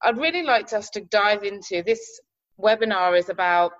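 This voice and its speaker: A woman hosting an interview as relationship coach, talking haltingly with fillers and restarts. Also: mid-range voice, lively intonation, a bit bright, dull audio. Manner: hesitant, many fillers and restarts, encouraging. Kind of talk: interview chat.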